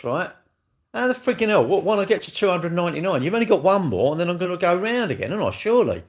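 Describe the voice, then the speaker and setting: A man chatting live to his viewers at home, rambling and blunt, swearing freely and swinging from loud jokes to low grumbles. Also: sing-song, fast. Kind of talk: casual live-stream chat. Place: at home, moving about near the kitchen. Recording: echoey room.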